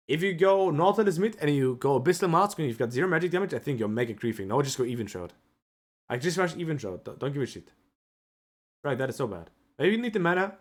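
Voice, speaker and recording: A man reviewing a match as a coach on a live stream, emotional and animated, often tagging his points with "right?". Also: fairly high pitch. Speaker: esports coach.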